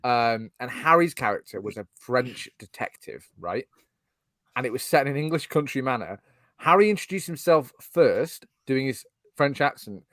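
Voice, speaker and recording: A man co-hosting a casual podcast, telling rambling stories and laughing often. His voice sits at a middling pitch. The recording is dry, with no room sound. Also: animated, moderate pace, a bit bright, no room sound. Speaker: podcast host.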